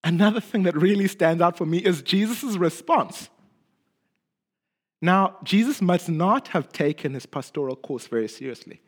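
Man, sermon, high voice, lively pitch swings, soft low phrase endings, repeats words. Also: normal speed, slightly rough. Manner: expressive, drops low and quiet at phrase ends, repeats words when emphatic. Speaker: preacher.

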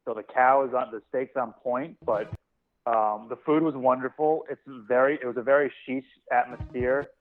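A man's voice: medium pitch, steady tone, normal speed. A man telling rambling, laid-back stories in a casual podcast chat, often restarting his words. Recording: tinny phone-like line.

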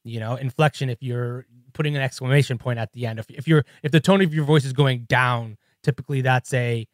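A man's voice: mid-range voice, steady tone, a little fast, no room sound, clean studio sound. A man co-hosting a podcast in casual chat, rambling in a laid-back way and saying "like" often. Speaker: podcast co-host. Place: podcast studio.

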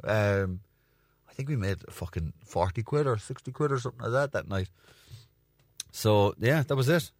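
Irish comic host, young guy, low voice, dry close sound, rambling and crude. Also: lively intonation, moderate pace, long pauses, no echo. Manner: rambling, crude, swears freely, acts out voices in a high pitch. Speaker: comedian podcast host. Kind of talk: casual storytelling monologue.

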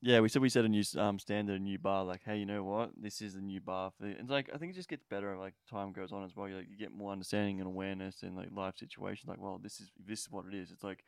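A man's voice: sits low, fairly even intonation, fast talker, gravelly, hardly any pauses, smooth, no echo, studio quality. A man hosting a podcast, chatting casually, swearing freely and laughing often. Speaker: podcast host. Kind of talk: casual chat.

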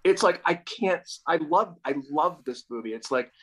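A man co-hosting a podcast, talking about films in an excited, rambling way with lots of fillers. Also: a little high, moderate pace, crowd noise, low-quality recording. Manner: enthusiastic, rambling with many fillers. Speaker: podcast co-host. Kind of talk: casual film chat.

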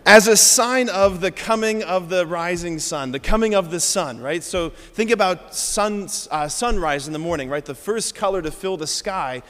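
A Catholic priest giving a Sunday homily in an animated way, often checking in with the congregation by asking "right?". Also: male voice, high voice, normal speed, few pauses. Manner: animated, frequent "right?" asides. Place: large church. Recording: reverberant church hall.

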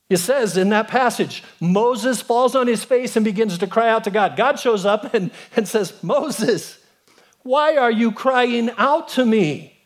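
High-voiced man preaching with animated swings. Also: slightly rough. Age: 50s. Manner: animated storytelling, rising to emphatic peaks and dropping low. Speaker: pastor. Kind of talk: sermon.

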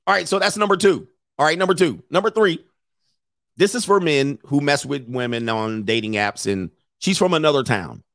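A man's voice: a little high, moderate pace, a bit bright, no echo, clean studio sound. A man giving dating advice to his viewers in a casual monologue, with a brash, profane and joking delivery.

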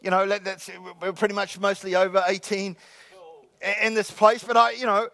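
High-voiced jokey male pastor. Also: level tone, pushed and bright, no room sound. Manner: jokey, repeats key lines slowly, calls out "come on, somebody". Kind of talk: sermon. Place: church sanctuary with congregation.

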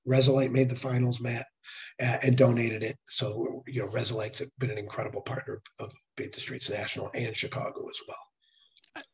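Man, hoarse voice, earnest casual interview talk, muffled lo-fi sound. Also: mid-range voice, flat delivery, normal speed, darkish tone, a little hiss or hum. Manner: earnest, with frequent restarts and fillers. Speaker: nonprofit executive director. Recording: dull lo-fi sound.

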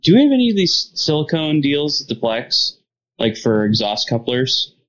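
A man's voice: medium pitch, big pitch swings, moderate pace, a bit bright. Laid-back man on a dull-sounding mic. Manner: laid-back, chuckling, jokey. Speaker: co-host. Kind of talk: casual podcast chat.

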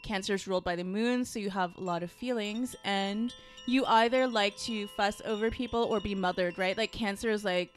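A woman chatting casually as she reads a star chart and tarot cards, full of fillers and quick asides. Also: mid-range voice, faint music behind. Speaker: tarot and astrology reader. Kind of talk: casual chat.

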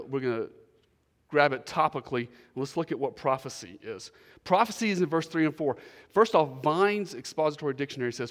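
A male pastor preaching a sermon, emphatic, repeating key phrases and dropping to quieter asides. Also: on the high side, long reverb tail. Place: church.

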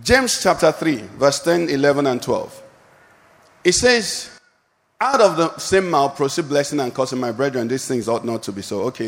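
A man's voice: on the high side, fairly bright tone, long reverb tail. A male pastor preaching a sermon and calling out questions for the congregation to answer. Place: church hall.

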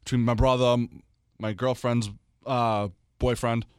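A young man, co-hosting a casual podcast and telling stories in an animated way, jumping up into high voices for quotes. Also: a little slow, smooth, no echo, clean studio sound. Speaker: podcast co-host. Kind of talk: casual chat.

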